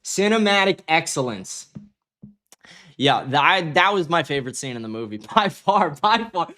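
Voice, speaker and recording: Brief: male livestream host, slightly high voice, crude and rambling, chuckles through his stories. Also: big pitch swings, normal speed, sharp tone. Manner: loose, profane and rambling, laughing at his own stories. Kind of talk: casual livestream commentary.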